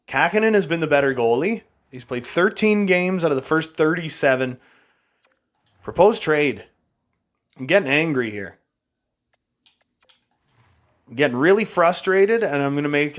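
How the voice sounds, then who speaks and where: A young man talks through his hockey game in a loose, running commentary, slightly higher-pitched than most men. He grumbles, mocks himself and laughs off his losses as he goes. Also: fairly bright tone. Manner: frustrated, exasperated, self-mocking with frequent laughs. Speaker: gaming YouTuber. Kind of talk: casual gameplay commentary.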